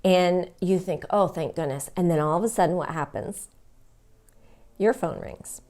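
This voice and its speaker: A woman's voice: lowish voice, measured pace, mellow. A woman giving an instructional talk as a dental front office trainer, speaking expressively and acting out phone greetings as examples.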